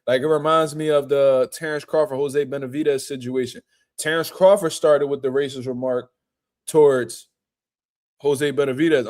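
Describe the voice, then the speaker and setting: A man's voice: mid-range voice, fairly quick, a little mellow. A man hosting a casual boxing talk stream, reading out chat and riffing in profane street slang with mocking impressions. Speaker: boxing show host.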